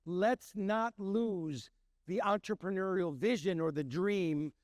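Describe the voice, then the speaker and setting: Middle-aged man, chef and owner, high voice, animated storyteller, dry close sound. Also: slow pace, dry recording. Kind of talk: storytelling talk.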